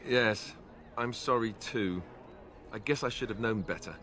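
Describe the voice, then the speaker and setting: An actor playing an earnest young warrior in a video game, hesitant and stammering. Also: male voice, on the low side, unhurried, fairly bright tone, a little hiss or hum. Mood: dejected. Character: earnest young prince-warrior, awkward and hurt.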